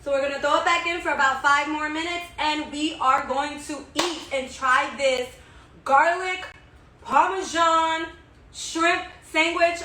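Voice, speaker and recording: On her own cooking vlog, a chatty, enthusiastic home cook repeats herself as she cooks and tastes. Her high-pitched voice is pushed and bright, and the recording from her home kitchen is echoey, with a distant mic and slight background noise.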